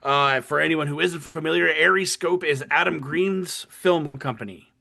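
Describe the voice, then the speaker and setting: Gravelly, bright-voiced podcast guy. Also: a little high, moderate pace. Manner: animated, profane storytelling. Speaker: podcast host. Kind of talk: casual chat.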